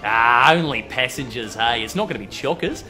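A man's voice: mid-range voice, expressive, moderate pace, sharp tone. A man playing a laid-back older mentor with a broad Australian accent, easygoing and slangy. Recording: music behind the voice.

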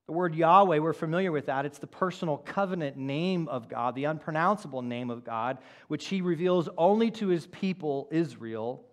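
A man preaching a sermon as pastor, moving from loud emphatic lines to quiet low asides and acting out quoted words. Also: expressive, normal speed, hardly any pauses. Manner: acts out the prophet's quoted words.

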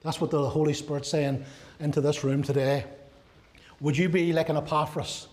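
A man delivering a sermon in a slightly high voice. He preaches earnestly and asks many rhetorical questions, then sinks to a soft, low tone on the key lines. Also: level tone, moderate pace. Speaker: pastor.

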